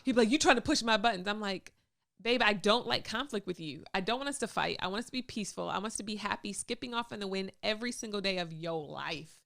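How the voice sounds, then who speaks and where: Woman in her thirties, calm, soft-spoken co-host in a casual chat, gravelly fry in the voice. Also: medium pitch, quick pace. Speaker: co-host, wife.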